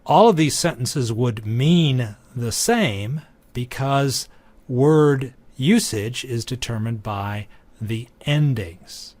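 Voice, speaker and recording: A man giving a recorded lecture, teaching in a measured, deliberate way. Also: mid-range voice, lively intonation, a little mellow, no room sound.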